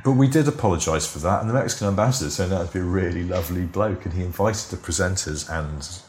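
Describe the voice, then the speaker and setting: A man's voice: low-pitched, fast talker, a little mellow, echoey room, slight background noise. A man, a former TV script editor, telling stories as a podcast guest in a rambling, anecdotal way full of "sort of" and "you know". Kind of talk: casual interview storytelling.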